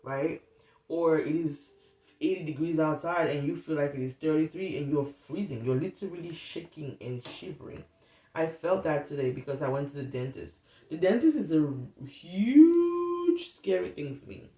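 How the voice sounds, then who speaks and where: In an unscripted self-help vlog, a woman with a deep, mellow voice and lively intonation rambles candidly at normal speed, swearing freely in a casual monologue. The mic is distant, giving a roomy sound with faint noise.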